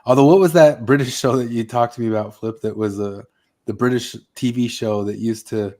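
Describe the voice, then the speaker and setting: A man hosts a casual podcast chat, wandering through his points with plenty of fillers and restarts. His voice sits at an ordinary middle pitch. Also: brisk, mellow. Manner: rambling, many fillers and restarts.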